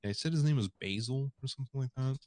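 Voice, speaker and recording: A man's voice: mid-range voice, quick pace, darkish tone. A man in a game roleplay, chiming in and echoing what others say. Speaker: roleplay player. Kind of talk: in-character game roleplay chat.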